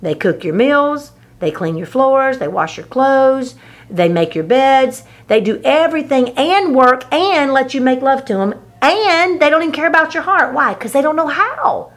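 A woman preaching a sermon, swinging from loud emphasis to hushed, intimate passages. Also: high-pitched, lively intonation, normal speed.

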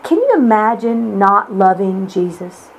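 A woman's voice: medium pitch, very animated, a little slow, a little hiss or hum, low-quality recording. A woman preaching a sermon, with emphatic, repetitive phrasing and rhetorical questions to the listeners. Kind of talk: sermon teaching.

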